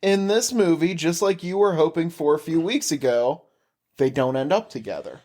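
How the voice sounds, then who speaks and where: A man's voice: a little high, expressive, moderate pace, darkish tone. A man co-hosting a podcast, throwing in wry, profane jokes during casual movie chat. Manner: wry, joking asides, profane. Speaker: podcast co-host.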